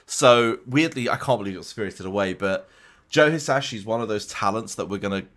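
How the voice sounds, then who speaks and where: This young game streamer chats loosely with his audience from his room at home, responding to their questions with many restarts. His voice is on the low side with a fairly bright tone, and his delivery is brisk.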